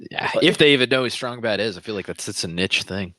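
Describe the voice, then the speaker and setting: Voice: medium pitch, expressive, quick pace, sharp tone, no echo. A podcast co-host chatting casually and asking questions. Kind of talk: casual chat.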